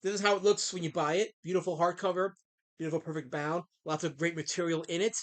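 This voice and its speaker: Middle-aged male streamer, bright tense voice, rambling off the cuff with lots of "uh"s, quick to bark back at chat. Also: on the high side, steady tone. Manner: rambling with many fillers, snaps back at chat. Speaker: comic creator and streamer. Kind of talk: casual live-stream chat.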